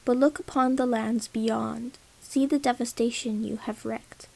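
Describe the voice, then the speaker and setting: A woman voicing a grave male archer general who speaks steadily and forcefully. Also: on the high side, steady tone, measured pace, creaky. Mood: defiant.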